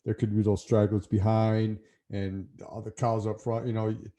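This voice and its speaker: A man's voice: fairly low pitch, flat delivery, moderate pace, dark tone. A man hosting a podcast, chatting casually with his guest in an easygoing way with filler words. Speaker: podcast host.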